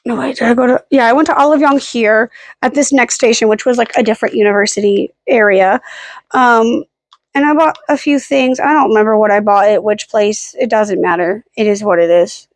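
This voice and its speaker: A woman's voice: a little high, brisk, no room sound. Rambling young-sounding woman vlogging. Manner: rambling, self-deprecating, with frequent "like" and "um" fillers. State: hiccuping and burping. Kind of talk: rambling casual vlog. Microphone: camera held at arm's length.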